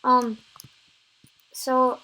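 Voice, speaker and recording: High-pitched girl telling a story slowly, lots of ums and restarts. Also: completely flat delivery, pushed and bright, poor audio. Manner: rambling storytelling, filler-heavy, frequent restarts. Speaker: vlogger. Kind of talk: story time vlog.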